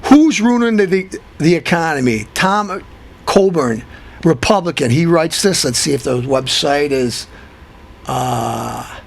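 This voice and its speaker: Gravelly ranting man, high-pitched. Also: takes it slowly. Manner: ranting, repetitive, swings into high excited outbursts. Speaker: show host. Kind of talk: comic political rant.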